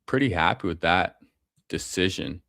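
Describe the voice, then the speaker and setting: Low-voiced laid-back fantasy football streamer. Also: male voice, expressive, moderate pace, bright, forceful tone, dry recording, clean studio sound. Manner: casual, slangy, calls people bro and man. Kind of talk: casual live commentary.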